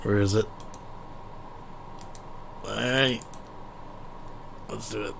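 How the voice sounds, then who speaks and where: A man's voice: on the low side, steady tone, extremely slow, creaky, very noisy. A man hosting a casual commentary show, talking laid-back to his viewers. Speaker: commentary host.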